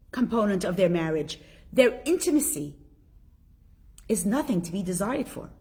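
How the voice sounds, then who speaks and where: A middle-aged woman teaching a live online class, chatty and animated, reading out viewer comments as she goes. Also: on the high side, slightly rough.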